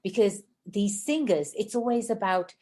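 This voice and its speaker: A woman hosting a podcast interview, talking fast and effusively in a casual chat. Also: medium pitch, mellow. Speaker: podcast host.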